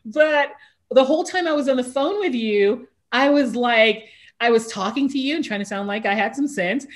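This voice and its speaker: A woman hosting an interview, excitably telling a story and acting out her own reactions with frequent laughs. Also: on the high side, normal speed. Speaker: talk show host, voiceover artist. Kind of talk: casual interview chat.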